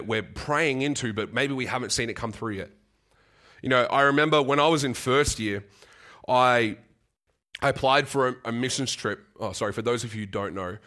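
A young man preaching a sermon and telling a personal story, earnest and halting, often repeating words and getting choked up. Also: on the low side, fairly bright tone. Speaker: guest preacher.

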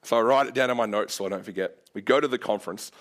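A young man preaching a sermon, telling a story casually with lots of filler words and growing animated as he acts out his own prayers. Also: fairly low pitch, very fast.

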